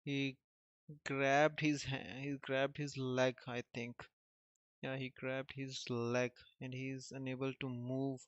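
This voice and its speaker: Man, reading a comic aloud, monotone, smooth voice, dull lo-fi sound. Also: mid-range voice, slow, no echo. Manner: reads in a flat, even voice and adds short remarks. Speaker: manga reader. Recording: dull lo-fi recording.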